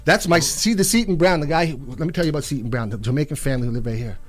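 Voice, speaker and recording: Fast-talking man, rambling. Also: on the high side. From Toronto, Canada. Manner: rapid, rambling storytelling with many restarts. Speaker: guest musician. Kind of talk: casual interview chat.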